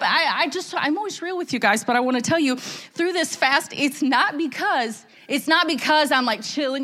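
A woman's voice: high voice, expressive, moderate pace, bright, forceful tone. A middle-aged woman giving a candid, emotional church testimony, rambling with restarts. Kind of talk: testimony sermon.

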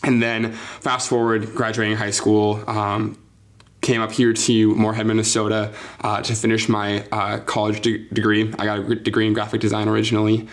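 A man's voice: fairly low pitch, completely flat delivery, normal speed. A young man who is a youth pastor, telling his story in an interview, earnest and full of ums and likes. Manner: earnest, filler-heavy, says like and um often.

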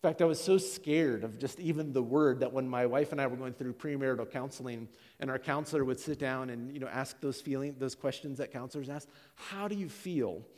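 A man's voice: mid-range voice, steady tone, fairly quick, few pauses, a little mellow. A middle-aged man, a pastor, preaching a candid, confessional personal sermon. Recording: long hall reverb.

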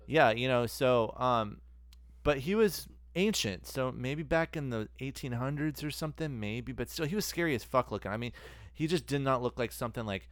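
A man's voice: medium pitch, brisk, clean tone, no room sound. A man co-hosting a podcast in casual chat, laid-back and rambling, with casual swearing. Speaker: podcast co-host.

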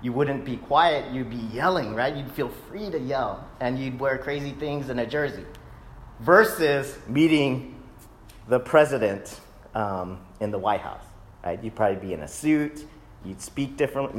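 A man's voice: mid-range voice, moderate pace, slight background noise. Man preaching a casual sermon. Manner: casual storytelling with frequent "right?" asides. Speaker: pastor. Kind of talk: conversational sermon. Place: church sanctuary.

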